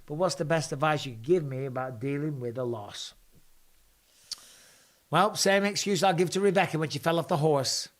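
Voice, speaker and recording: A man's voice: fairly high pitch, normal speed. A man, hosting a casual live chat, blunt and joking, swearing freely. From England. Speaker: podcast host. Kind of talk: live casual chat answering viewer questions.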